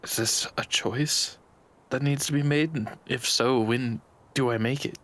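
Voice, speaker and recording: A man's voice: medium pitch, steady tone, a bit bright. Hesitant man playing his character. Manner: hesitant, halting, earnest. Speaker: player. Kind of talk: in-character tabletop role-play.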